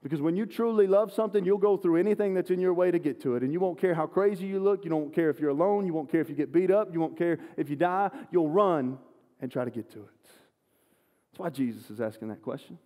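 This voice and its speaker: A man's voice: a little high, fast. Man preaching in a reverberant church. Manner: animated, self-deprecating storyteller. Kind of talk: sermon with personal storytelling. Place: church sanctuary. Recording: long church hall reverb.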